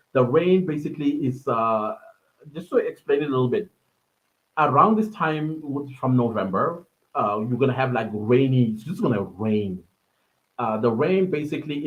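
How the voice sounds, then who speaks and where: A South African man with a matching accent hosts a podcast live stream, rambling casually with many fillers and frequent chuckles. His voice is mid-range, and the recording is muffled.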